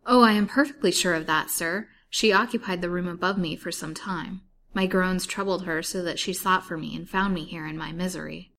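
A woman's voice: on the low side, a little fast, gravelly, hardly any pauses, fairly bright tone. A woman reading aloud in the voice of a weak, bitterly wronged young wife, earnest and pleading.

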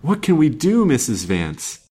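A man voicing an earnest young gentleman of an old romance, raising his voice above his own to sound eager and anxious. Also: medium pitch, huge pitch swings, measured pace, slightly rough, pitched above the performer's own voice, heavily acted.

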